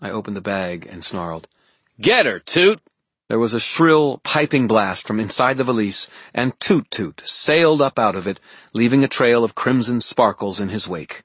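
A man narrating a fantasy audiobook in a steady, dramatic storytelling manner. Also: fairly low pitch, normal speed, breathy edge, dry recording.

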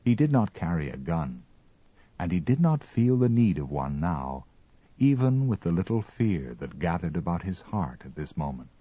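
A man narrating a story as an audiobook reading, with expressive, measured storytelling. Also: deep voice, breathy edge, no echo, lo-fi sound.

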